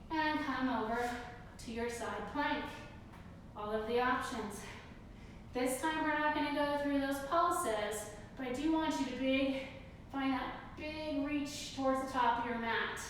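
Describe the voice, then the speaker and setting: Breathless high-voiced woman leading yoga. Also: slight background noise. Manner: energetic breath-paced cueing with cheers. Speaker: yoga instructor. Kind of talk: live yoga class cues. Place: yoga studio. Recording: roomy distant studio echo.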